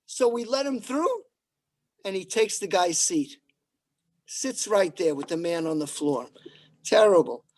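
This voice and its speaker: A man doing stand-up one-liners at an open mic, with a deadpan delivery and pauses before each punchline. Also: high voice. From New York.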